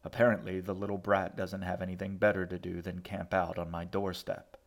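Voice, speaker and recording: A man's voice: low voice, completely flat delivery, brisk. A man voicing a shaggy eccentric man's mocking letter, mock-polite and darkly joking, in audiobook narration. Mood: sardonic.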